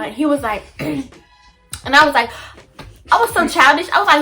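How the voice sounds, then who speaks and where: Chatty high-voiced young woman telling a story. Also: a little slow, long pauses, soft background music. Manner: chatty, animated retelling with slang and fillers. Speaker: vlogger. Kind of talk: casual storytime.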